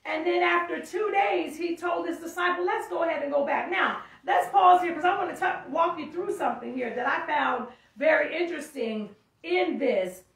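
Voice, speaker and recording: A woman's voice: very high voice, normal speed. A woman teaching a sermon, reading scripture aloud and stopping to explain it, often calling out. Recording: echoey room, mic far off.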